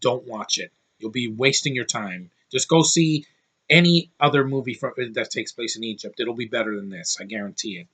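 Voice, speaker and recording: A man rants through a casual movie review in a bright, forceful voice. He is blunt and scornful, and he swears offhandedly as he picks things apart. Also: mid-range voice, moderate pace, husky.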